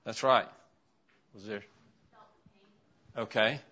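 A man's voice: on the low side, fairly even intonation, slow, sharp tone. A man teaching an interactive Bible lesson in a classroom, asking his class questions as he writes a list on the board. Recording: dull, lo-fi classroom recording.

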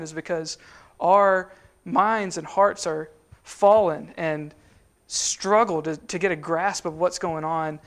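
A man's voice: sits high, fairly bright tone. A man teaching a sermon in a conversational way, with frequent fillers and restarts. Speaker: preacher.

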